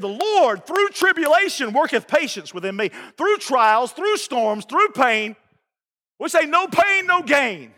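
Man, pastor, high bright voice, folksy emphatic preaching, reverberant church hall. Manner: folksy, emphatic preaching with call-and-response asides. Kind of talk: sermon. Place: church sanctuary.

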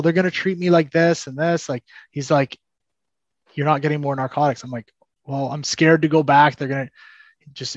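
Young adult male guest, animated storyteller, slightly high voice, dull dry remote audio. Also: no room sound. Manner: animated, acts out quoted dialogue, frequent restarts. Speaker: podcast guest. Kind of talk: telling a personal story in conversation.

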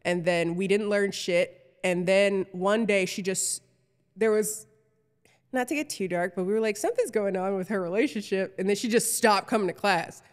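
A woman's voice: mid-range voice, fairly even intonation, moderate pace, smooth. Rambling young woman host, reverberant room. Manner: rambling, filler-heavy anecdotes with frequent "um". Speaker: podcast host. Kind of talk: casual storytelling chat.

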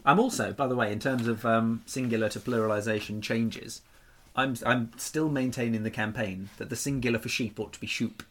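A man's voice: mid-range voice, a little fast. A man co-hosting a chatty podcast, joking and riffing animatedly with his co-host. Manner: animated and jokey. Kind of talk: casual chat.

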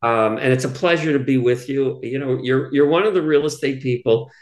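A man's voice: medium pitch, brisk. Man, chatty guest in a roomy space. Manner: chatty, self-deprecating, many restarts. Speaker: guest, real estate brokerage co-founder. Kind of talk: casual interview chat. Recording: roomy echo.

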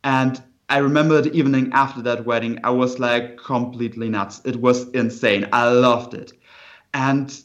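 Man, German accent, halting, apologetic, casual podcast guest, slightly dull lo-fi sound. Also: medium pitch. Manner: halting, apologetic, laughs often. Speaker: guest wedding photographer.

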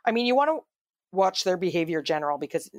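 A podcast co-host chats casually, her lowish voice very animated as she talks fast and rambles through stories full of fillers and restarts. The sound is dry and close, with no room echo.

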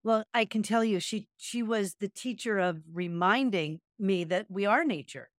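A yoga and meditation teacher co-hosts a podcast, chatting casually and telling stories expressively. Her medium-pitched voice moves at normal speed, with clean studio sound and no room sound.

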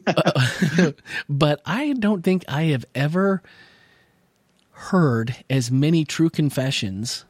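A male podcast host chatting casually while he recovers from losing his voice. He meanders through his thoughts with frequent small laughs and self-corrections, at an ordinary middle pitch. The sound is dry and close, with no room echo. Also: darkish tone. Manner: rambling, self-correcting, chuckles often.

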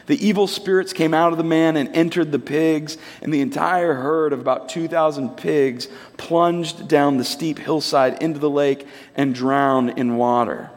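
A man in his thirties preaching a sermon in a conversational, animated storytelling way. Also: medium pitch, creaky. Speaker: pastor. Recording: long hall reverb.

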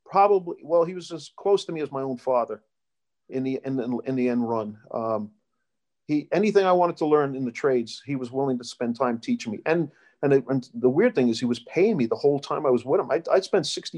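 A middle-aged man with a brisk, medium-pitched, darkish voice tells his life stories in a casual interview. He rambles, restarts often, and wanders into storytelling asides.

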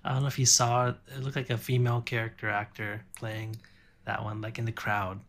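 A man's voice: fairly low pitch, level tone, a little fast, a bit bright. A man co-hosting a casual podcast chat, adding wry joking asides. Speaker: podcast co-host.

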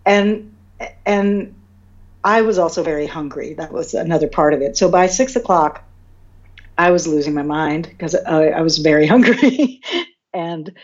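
Woman talking openly about a relationship moment, lowish voice, kinda dull lo-fi sound. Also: moderate pace. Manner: open, reflective, frequent restarts. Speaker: podcast guest. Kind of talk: candid personal storytelling.

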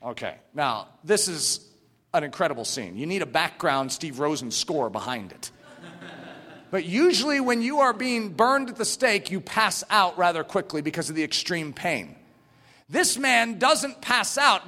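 A man preaching a sermon with passion, rising to shouts and dropping to hushed near-whispers. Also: sits high, very animated, normal speed, in a large hall. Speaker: pastor.

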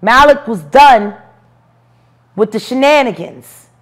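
A woman in her forties, an interview guest, telling stories in a brash, profane, animated way with bursts of laughter. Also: fairly high pitch, slow. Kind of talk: storytelling interview.

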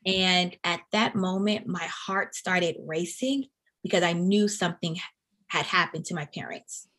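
A woman in her thirties from Atlanta recounts a personal memory in conversation. Her voice sits a little low, and her telling is earnest and reflective, pausing and restarting as she goes. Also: a bit bright. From Atlanta, USA. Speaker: interview guest.

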